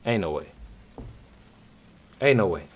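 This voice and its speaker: A man's voice: low voice, lively intonation, slow, slightly rough. A man hosting a reaction video, talking in a casual, slangy, repetitive way and sometimes laughing in disbelief.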